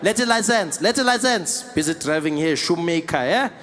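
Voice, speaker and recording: A man voicing a brusque traffic cop, clipped demands, high voice. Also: expressive, moderate pace, a bit bright. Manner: clipped, matter-of-fact rattling off demands. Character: blunt male traffic cop, businesslike.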